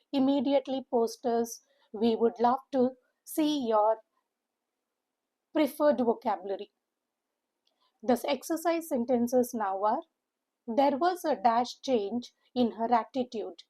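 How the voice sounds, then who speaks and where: A woman's voice: fairly high pitch, dark tone, poor audio. A woman teacher with an Indian English accent, giving an encouraging vocabulary lesson and repeating key words for emphasis. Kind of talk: slow, deliberate vocabulary lesson.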